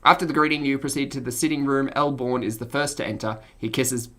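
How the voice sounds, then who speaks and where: A streamer with a fast, bright, forceful medium-pitched voice reads game text aloud and comments on it. Giggly and self-mocking, they experiment with character voices in let's-play narration and commentary.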